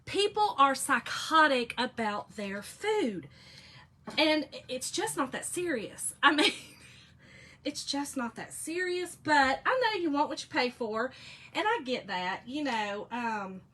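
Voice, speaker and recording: A talkative Southern US woman laughs often as she works on a craft and tells stories to her livestream chat, calling them "y'all." Her high-pitched voice is pushed and bright, with lively intonation but a slow pace.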